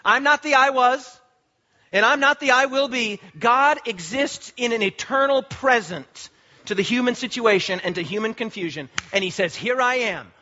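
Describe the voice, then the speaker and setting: A pastor delivers an emphatic sermon in a very high, bright voice that rings with tension. He repeats words and restarts phrases as he drives his points home. The recording sounds muffled and lo-fi. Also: normal speed. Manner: emphatic preaching with repetitions and restarts.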